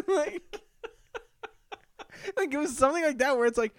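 Animated man chatting on a podcast. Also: extremely high pitch, normal speed, pauses often, dry recording, clean studio sound. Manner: animated, lots of fillers and laughs. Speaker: podcast co-host. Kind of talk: casual chat.

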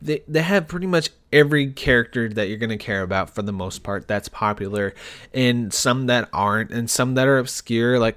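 A young man hosting a solo podcast, excitable and ranting, swearing often and laughing between lines. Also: medium pitch. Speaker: podcast host.

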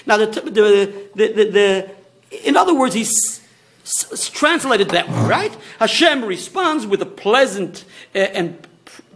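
A man's voice: high-pitched, sing-song, unhurried, fairly bright tone, echoey room. A man from Australia, a rabbi teaching a Torah class, explaining with many restarts and asides. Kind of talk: lecture to a small class.

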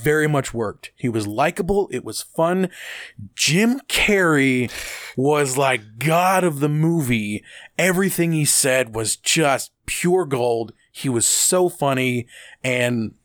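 A man co-hosting a casual gaming podcast, talking enthusiastically and quickly. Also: medium pitch, animated, a bit bright, no room sound, clean studio sound. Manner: enthusiastic, quick, restarts often. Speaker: podcast co-host.

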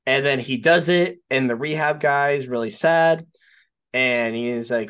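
A man's voice: medium pitch, measured pace, a bit bright, clear, resonant tone. A man co-hosting a podcast, talking casually about a film in a rambling way, filling his speech with "like" and "right?" and swearing now and then. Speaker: podcast co-host.

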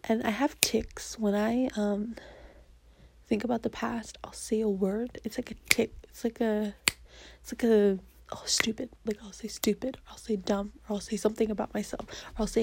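A woman's voice: medium pitch, flat delivery, a little slow, vocal fry, a little mellow, slightly rough, low-quality recording. A young woman vlogger talking earnestly about her personal goals, often dropping into a half-whisper as she repeats affirmations to herself. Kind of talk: personal goal-setting talk to camera.

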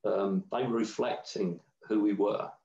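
A man's voice: on the low side, fairly even intonation, a little slow, vocal fry, warm tone, roomy sound, muffled recording. A man in a casual conversation, telling a long meandering story with many restarts. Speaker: guest.

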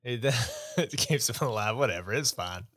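A man's voice: medium pitch, lively intonation, moderate pace, fairly bright tone. Opinionated man ranting on a podcast. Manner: opinionated, rambling, dismissive. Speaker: podcast host. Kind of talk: casual chat.

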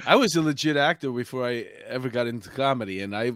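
A man's voice: medium pitch, expressive, fast talker, no echo, studio quality. A middle-aged man with a New York accent, hosting a casual chat show and rambling with many fillers. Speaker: podcast host.

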